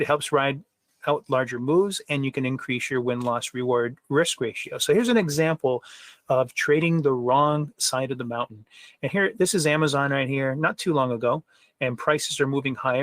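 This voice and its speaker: A man presenting trading software in a conversational webinar, with frequent fillers and rhetorical questions. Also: medium pitch, no room sound.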